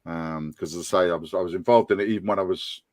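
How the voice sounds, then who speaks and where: Dry recording, low voice, fast talker, darkish tone: that's this roughly fifty-year-old podcast guest with a Scouse accent, hailing from Liverpool and North Wales. Applying for a fan board, he speaks earnestly in a casual chat, rambling with many restarts and ums.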